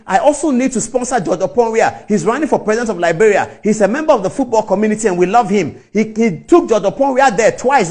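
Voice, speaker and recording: Fiery, high-pitched Ghanaian man. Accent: Ghanaian English. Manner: emphatic, scornful, repeats key words. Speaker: TV commentator. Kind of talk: impassioned commentary.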